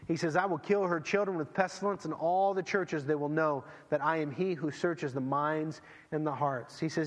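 A man's voice: a little high, moderate pace, in a large hall. A man in his thirties preaching a conversational sermon as a pastor, acting out bits of dialogue.

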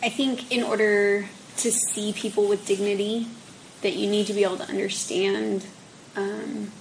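A woman in a faith discussion, speaking her views in a steady, matter-of-fact way. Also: mid-range voice, moderate pace, slight background noise, poor audio.

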